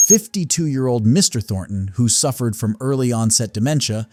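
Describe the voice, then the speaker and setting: A man narrating a documentary about a police incident in a measured, serious tone. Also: mid-range voice, animated, mellow, faint music behind.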